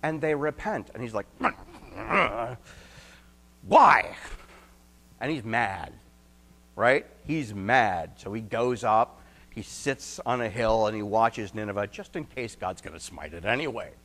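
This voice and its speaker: A male pastor preaching an expository sermon, telling stories and acting out quotes, then dropping to quiet emphasis. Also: fairly low pitch, measured pace. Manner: animated storyteller, acts out quotes, drops to quiet emphasis.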